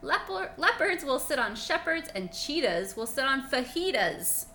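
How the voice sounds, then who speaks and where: A woman's voice: high voice, big pitch swings, a little slow, sharp tone, slight background noise, voice pushed up, heavily acted. A woman voicing a bossy, rule-changing frog from a picture book, speaking in a sing-song rhyming way.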